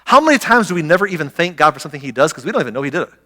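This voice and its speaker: A middle-aged man preaching a sermon as a pastor, telling stories and acting out quotes with animated energy. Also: a little high, racing, long reverb tail. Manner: animated storytelling, acts out quotes. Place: church sanctuary.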